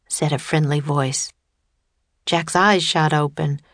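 A woman reads a children's storybook aloud with a clear, steady storytelling delivery. Her voice is on the low side and recorded very dry and close. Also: slow, no room sound. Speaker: audiobook narrator. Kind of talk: scripted storybook narration.

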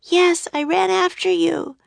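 Woman doing a high eager young girl. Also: animated, a little slow, vocal fry, no room sound, exaggerated voice. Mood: calling, eager. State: hoarse. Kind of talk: audiobook character voice.

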